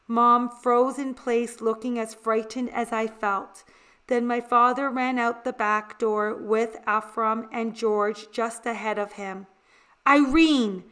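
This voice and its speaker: A woman reading a children's picture book aloud in a deliberate, expressive way. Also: on the high side, clear, resonant tone. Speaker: storybook reader.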